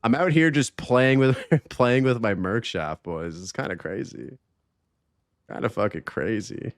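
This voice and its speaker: A man hosts a live game stream in easy, rambling chat, reacting to his chat and swearing loosely. His voice sits at an ordinary middle pitch and comes through close and dry, with no room sound around it. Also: a little slow, no echo. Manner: loose and excitable, swears, reads chat aloud. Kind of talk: casual live-stream chat while gaming.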